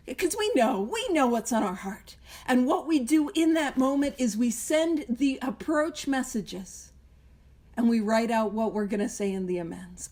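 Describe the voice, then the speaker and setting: High-voiced woman, joking. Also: a little mellow. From Canada. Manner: joking, self-deprecating, conversational. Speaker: speaker at a recovery meeting. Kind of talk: recovery meeting talk.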